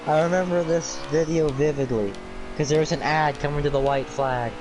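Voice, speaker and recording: A man's voice: a little high, fairly even intonation, normal speed. Streamer host, male, rambling casual chat with his mouth full, over a noisy mic. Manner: rambling, restarts and laughs. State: chewing fruit snacks while talking. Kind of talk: casual chat about racing.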